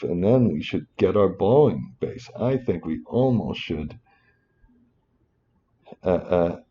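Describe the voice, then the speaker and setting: In a screen-recorded spreadsheet tutorial, a man teaches finance in a low voice, and the recording is muffled. He rambles and keeps breaking off for muttered asides and apologies.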